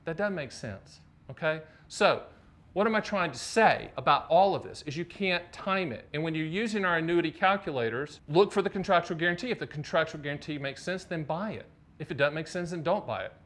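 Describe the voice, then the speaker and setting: A man from North Carolina hosting a finance show, talking to the camera in an animated, emphatic way with lots of rhetorical questions. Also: on the high side, fairly quick. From North Carolina, USA. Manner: animated, emphatic, rhetorical, addresses the viewer directly. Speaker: host of a finance channel.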